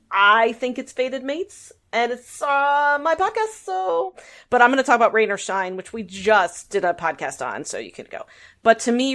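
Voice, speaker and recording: A woman hosting her podcast in casual chat, telling stories with animated asides and frequent laughter. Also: a little high. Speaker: podcast host.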